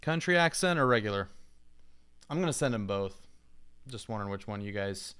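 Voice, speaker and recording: A streamer and content creator with a lowish, clear, resonant voice chats casually on a livestream at a moderate pace. Relaxed and rambling, he thinks aloud while editing audio.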